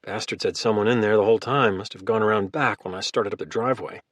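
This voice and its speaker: A man voicing a calm, calculating former Marine who talks in a friendly, easygoing way. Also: fairly low pitch, quick pace, dry recording, lightly acted. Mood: casual. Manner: casual and friendly, turning hard.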